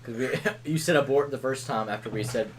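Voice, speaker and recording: A man of middle pitch chatting casually on a podcast with his friends. He speaks at an even pace and drops dry, wry comments. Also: brisk, slight background noise. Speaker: podcast co-host. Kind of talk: casual chat among friends.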